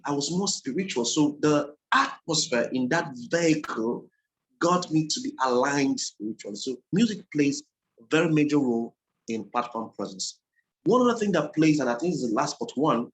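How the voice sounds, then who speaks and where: Male speaking coach, mid-pitched voice, earnest lecture delivery that stresses key phrases by repeating them. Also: rough recording. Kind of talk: teaching a presentation class.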